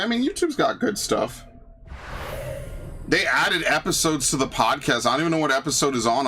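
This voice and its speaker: A young gaming YouTuber gives casual let's-play commentary on a game, rambling and cursing freely. His voice is mid-range with a fairly bright tone.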